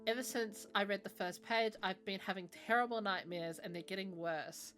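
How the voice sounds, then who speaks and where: Brief: woman voicing a cursed male game character, mid-pitched and uneasy. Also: normal speed, fairly bright tone, faint music behind, lightly acted. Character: troubled man plagued by nightmares.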